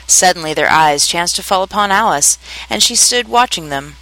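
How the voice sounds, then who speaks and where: A reader giving a measured, expressive narration of a children's story. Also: medium pitch, no echo, rough recording.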